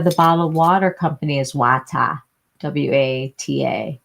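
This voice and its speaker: A woman in her forties hosts a casual beauty livestream, talking slowly through viewer questions. Her voice sits low with a gravelly fry, and she chats along with plenty of fillers and restarts. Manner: chatty, many fillers and restarts, answers viewers by name. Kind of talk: casual live chat reading viewer comments.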